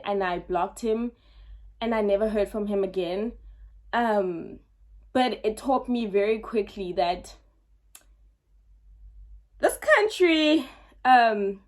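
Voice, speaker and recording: A young woman vlogger telling a casual storytime to her camera, animated and emphatic, with frequent ums and words repeated for effect. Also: medium pitch.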